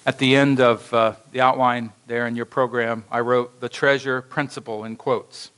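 A man's voice: mid-range voice, normal speed, smooth, rough recording. A male pastor delivering a sermon in a church, telling a story and acting out its voices with animation. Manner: animated storytelling with acted quotes.

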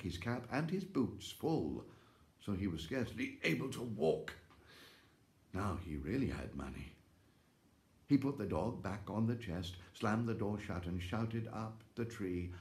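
A man's voice: fairly low pitch, a little mellow. Theatrical male storyteller, echoey room. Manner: theatrical, with gasps and exclamations. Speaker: actor reading a fairy tale. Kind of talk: expressive storybook reading. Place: home, during lockdown.

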